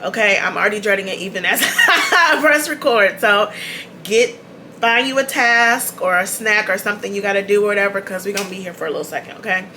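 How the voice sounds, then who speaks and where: A woman who runs a beauty channel chats casually to the camera, repeating her main points and laughing often. Her mid-range voice comes over a noisy background.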